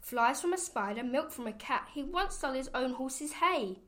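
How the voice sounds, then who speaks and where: A woman reading a rhyming children's picture book aloud, with a rhythmic, expressive sing-song delivery. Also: high-pitched, moderate pace. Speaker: storybook reader.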